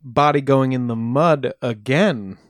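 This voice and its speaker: Co-host, mid-pitched, wry quick interjections, dry close mic. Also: no room sound. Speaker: podcast co-host listening. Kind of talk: casual chat.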